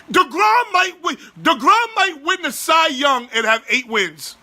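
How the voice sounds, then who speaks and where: A man in his forties hosting a sports podcast, ranting loudly and profanely in exasperation. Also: extremely high pitch, big pitch swings, measured pace, few pauses. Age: 40s.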